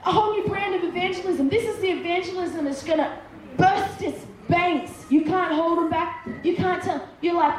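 A woman's voice: very high voice, moderate pace, slight background noise. A woman preacher giving a sermon with Bible readings, emphatic and repeating words for effect. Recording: echoey room with faint ambience.

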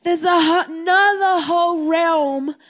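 A woman's voice: very high-pitched, unhurried, fairly bright tone. A woman sharing an emotional spoken testimony in a heartfelt, repetitive way, as a ministry speaker.

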